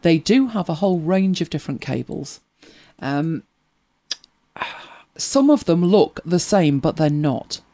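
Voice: medium pitch, lively intonation, unhurried, warm tone. A chatty host, laughing easily and answering viewer questions in casual talk. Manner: chatty, laughs easily, repeats words when starting. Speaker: host of a tech help show.

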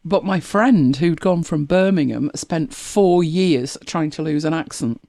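A woman's voice: deep voice, measured pace, warm tone, no room sound, clean studio sound. A woman, co-hosting a casual chat and telling stories with laughing asides. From northern England. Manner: chatty storytelling, lots of laughing asides. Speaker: co-host.

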